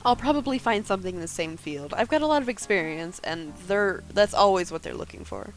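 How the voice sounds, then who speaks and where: A woman voicing a guarded, brooding woman in her thirties, reading her first-person narration and lines quietly and dryly in a game. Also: medium pitch, expressive, fairly quick, faint music behind, lightly acted, rough recording.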